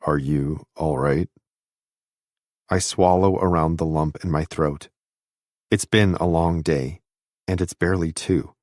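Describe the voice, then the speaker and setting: A man narrating a first-person audiobook in a steady, intimate reading on a close studio mic. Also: low-pitched, measured pace, dry recording.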